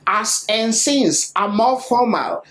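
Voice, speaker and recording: A woman delivers a scripted grammar lesson in a fairly high voice. She speaks slowly and deliberately, and her pitch rises and falls a lot as she reads out example sentences. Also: animated, fairly bright tone, rough recording. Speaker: English teacher.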